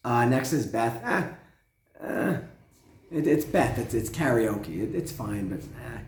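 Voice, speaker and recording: A man hosting a casual spoken album review, his voice hoarse and cracking, rambling with restarts and humming along. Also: medium pitch, expressive, slow, a little hiss or hum. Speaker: host. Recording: echoey room.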